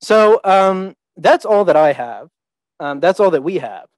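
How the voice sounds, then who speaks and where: Young man lecturing, relaxed and halting. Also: high-pitched, no echo, low-quality recording. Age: young adult. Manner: relaxed, thinks aloud with many ums and restarts. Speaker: visiting teaching fellow presenting. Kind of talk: informal lecture to students.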